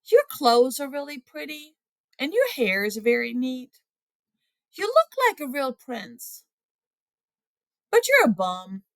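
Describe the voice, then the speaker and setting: A daring young storybook princess, played by a woman reader, with high, eager exclamations. Her lines are drawn out slowly, and the pitch leaps around. The recording is dry and close. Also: big pitch swings, dry recording, full character voice. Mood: cutting. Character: clever, bold young princess.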